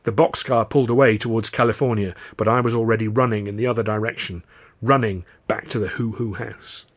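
A man narrating his own novel in the first person, with wry, animated reading. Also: lowish voice, brisk, slight background noise. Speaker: author and reader.

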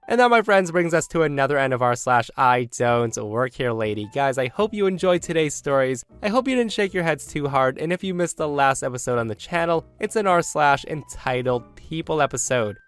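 Animated man narrating online stories. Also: fairly high pitch, smooth. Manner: animated, chatty asides to listeners. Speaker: podcast host reading online stories. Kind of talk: storytelling narration with commentary.

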